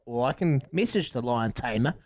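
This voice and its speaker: A man's voice: mid-range voice, expressive, normal speed. A man co-hosting breakfast radio, playful and giggly, in a studio. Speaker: radio co-host. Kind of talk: casual breakfast radio banter.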